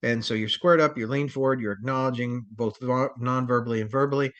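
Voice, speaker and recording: A man's voice: mid-range voice, fairly even intonation, fairly quick, fairly bright tone, highs cut off. A man teaching a crisis response training lecture in a rambling, conversational way, with many fillers and restarts.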